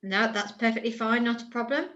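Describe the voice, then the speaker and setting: A woman's voice: on the high side, a little fast, fairly bright tone. A woman organising a webinar, speaking briefly and politely over a video call. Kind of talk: casual chat. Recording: dull, lo-fi video call audio.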